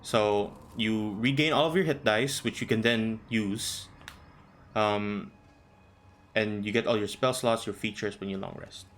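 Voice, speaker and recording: A man running a tabletop game as game master, describing scenes in a relaxed, unhurried way with many ums over an online call. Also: on the low side, slight background noise.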